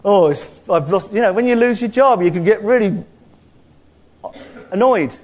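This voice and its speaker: High-voiced preacher. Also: male voice, moderate pace. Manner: animated, jokey preaching with mocking put-on voices. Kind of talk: sermon.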